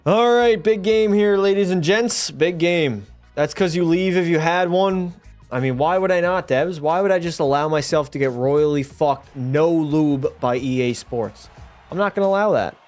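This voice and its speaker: A young man with a fairly high voice streams a hockey video game and talks straight to his chat. He swears freely, gets fired up over every play, and sounds a little tipsy. Faint game music plays underneath. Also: moderate pace. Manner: profane, excitable, talks to chat. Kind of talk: live gameplay commentary.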